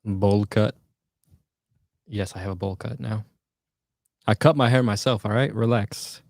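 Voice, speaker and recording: A man's voice: fairly low pitch, a little slow, gravelly, a little mellow, dry recording, studio quality. Joking, chatty man livestreaming. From United States. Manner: joking, chatty, reading out viewer comments. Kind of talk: casual livestream chat.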